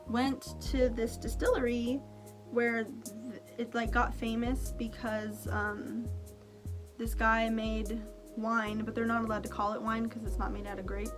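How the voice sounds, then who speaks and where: A young woman vlogging, telling a story to camera in a chatty, animated way, laughing often and saying "like" a lot. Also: on the high side.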